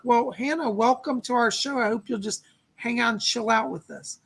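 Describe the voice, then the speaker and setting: A man's voice: extremely high pitch, expressive, normal speed, a bit bright. A man in his sixties hosting a live-stream chat as a psychic medium, gushing and exclamatory as he greets viewers.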